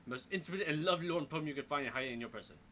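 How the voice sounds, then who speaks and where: A man's voice: a little high, expressive, rapid-fire, a little hiss or hum. A young man streaming a story game, thinking aloud as he reads and picks choices. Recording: soft game music behind.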